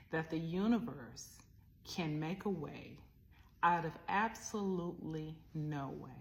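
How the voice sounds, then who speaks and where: A middle-aged woman tells a personal story in a heartfelt, reflective way, adding asides as she goes. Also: on the low side. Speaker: vlogger.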